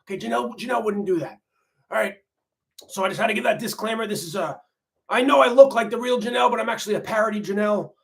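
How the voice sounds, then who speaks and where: A man's voice: high voice, fast, creaky, a bit bright. Man doing a rambling folksy grandma. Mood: chatty. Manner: rambling, folksy, repeats himself. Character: folksy middle-aged grandmother reality-TV wife, laid-back. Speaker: livestream host. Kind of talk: comedic parody livestream.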